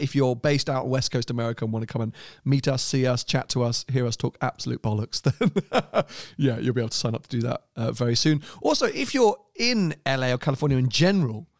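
A podcast co-host with a medium-pitched voice chats casually, laughing often as he rambles through asides. It's studio quality with no room sound.

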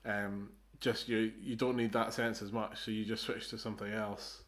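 A man's voice: fairly low pitch, level tone, moderate pace, a bit bright. A man co-hosting a podcast, explaining things in a casual, hesitant way with many fillers and restarts. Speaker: podcast co-host. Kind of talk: casual chat.

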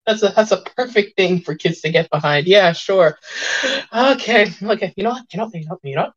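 A woman's voice: medium pitch, fairly quick, natural voice. A woman voicing a harried, weary male interviewer at a hero agency, sighing and stammering through repeats. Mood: sarcastic. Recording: dull lo-fi audio.

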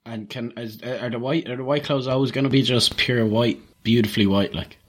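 A man's voice: mid-range voice, steady tone, a little fast. A young man on a podcast, joking around playfully. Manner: jokey, playful, chuckles often. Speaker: podcast co-host. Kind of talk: casual podcast chat.

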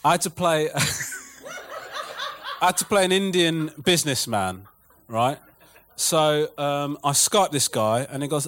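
A man, a comedian telling a profane, animated story on a podcast with a live audience, laughing often. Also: on the high side, a little slow, a little hiss or hum.

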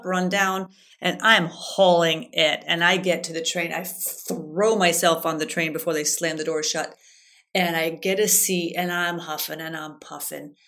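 A woman's voice: sits low, fairly bright tone. A middle-aged woman hosting a podcast as a life coach, chatting casually, telling stories and guiding a breathing exercise. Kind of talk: casual solo podcast talk.

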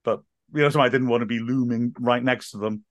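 A man's voice: mid-range voice, steady tone, a little fast, no echo, studio quality. A man as a podcast guest, a stadium announcer and teacher, chatting casually and telling stories with frequent laughs and quoted voices.

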